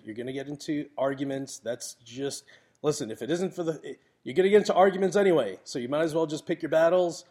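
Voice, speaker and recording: A wedding photographer, giving blunt, chatty business advice in a casual monologue. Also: male voice, mid-range voice, a little mellow. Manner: blunt, chatty, swears a little.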